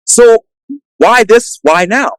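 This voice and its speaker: A man's voice: sits high, slow, smooth, no echo, poor audio. A man hosting a one-on-one interview, asking questions formally and respectfully. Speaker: interview host.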